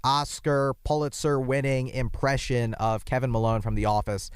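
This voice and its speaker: A young man hosting a podcast, his voice hoarse from yelling, rambling in a casual, self-deprecating monologue with jumpy asides. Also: mid-range voice, flat delivery, moderate pace, dry recording, studio quality. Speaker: podcast host. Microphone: microphone.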